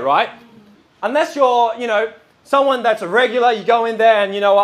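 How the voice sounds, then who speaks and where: A man preaching a sermon in a lively, chatty way, with lots of "you know" and "um" fillers. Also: very high voice, fast.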